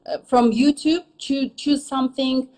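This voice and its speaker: A woman English teacher in a casual interview, talking in an animated way and ending her points with a checking "yes?". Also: high voice, unhurried, poor audio. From native English speaker living in Turkey.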